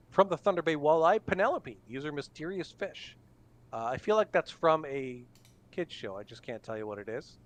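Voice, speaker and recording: Hosting a casual online hockey draft stream, a man calls out picks in an easygoing way, leaning heavily on fillers. His slightly high voice has lively intonation and a moderate pace, with faint music playing behind him.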